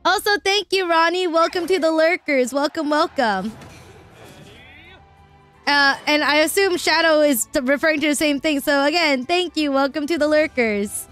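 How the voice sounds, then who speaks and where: A young adult woman chatting casually with her viewers while she plays a game, excitable and quick to laugh, cursing when things go wrong. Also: sits high, soft background music. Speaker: streamer. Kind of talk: casual live-stream chat while gaming.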